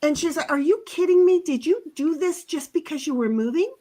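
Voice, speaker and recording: A woman's voice: sits high, animated, a little fast, warm tone. A woman hosting a casual livestream, chatting in a rambling way, laughing often and reading out the live chat. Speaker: livestream host.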